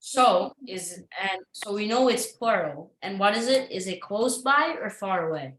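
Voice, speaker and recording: A woman's voice: mid-range voice, lively intonation, unhurried, a bit bright, slight background noise. Encouraging woman teacher in an echoey room. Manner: encouraging, many ums and uhs. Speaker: online English teacher. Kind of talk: remote classroom teaching.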